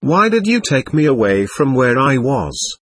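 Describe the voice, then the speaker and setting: A man with a medium-pitched, fairly bright, very animated voice reads a little slowly from an audiobook of a seance record. He voices the angry spirit of a young girl, willful and stamping, sounding petulant, defiant, and sulky.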